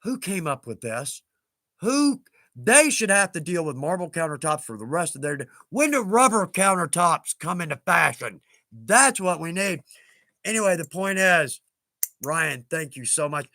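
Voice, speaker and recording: A man's voice: a little high, sing-song, normal speed, bright, forceful tone, dry recording. Chatty folksy man. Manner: chatty, folksy, laughs often. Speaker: livestream host. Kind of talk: casual livestream chat.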